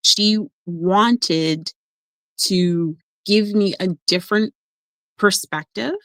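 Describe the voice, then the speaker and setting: Animated woman coach telling stories. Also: mid-range voice, drawn-out words, no room sound. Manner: animated storyteller, acts out quoted voices. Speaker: emotional coach. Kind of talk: casual podcast conversation.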